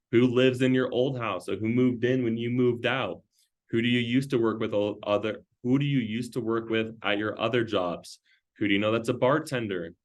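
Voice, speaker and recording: A man giving a training talk to a sales team, firing off questions in a loose, conversational way. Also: on the low side. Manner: rapid-fire string of questions, loose and conversational.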